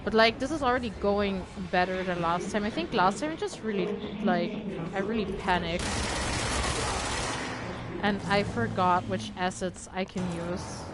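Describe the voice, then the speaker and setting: A woman's voice: mid-range voice, moderate pace. A woman streamer giving casual gameplay commentary in a chatty, filler-heavy way, with bursts of alarmed swearing. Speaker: game streamer. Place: at home at a gaming setup. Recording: game noise behind a streamer mic.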